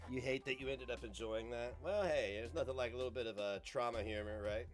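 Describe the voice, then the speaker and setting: A man streaming, giving casual reaction commentary in a loose, animated way and swearing freely. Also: medium pitch, fairly quick, faint music behind.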